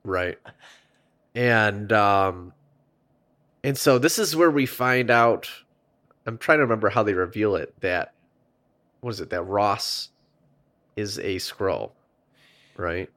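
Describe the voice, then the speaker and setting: A man's voice: fairly low pitch, slow, long pauses, fairly bright tone. A man co-hosting a casual podcast, talking in a wry, sarcastic way. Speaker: podcast co-host. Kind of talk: casual chat.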